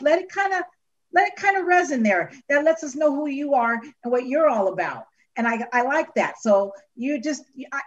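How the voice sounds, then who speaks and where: A woman's voice: high-pitched, far from the mic, dull audio. A woman coach giving effusive feedback to a singer, calling her honey and girl. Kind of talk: judge's feedback.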